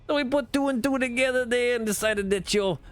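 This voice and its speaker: A man voicing a crude, grumpy middle-aged cartoon neighbor with a gruff, barking manner, pitched well above his own voice. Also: fairly quick, soft background music.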